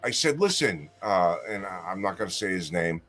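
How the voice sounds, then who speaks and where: Husky, heated man swearing through a story. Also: low-pitched, very animated, normal speed, fairly bright tone, soft background music. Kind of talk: casual live chat.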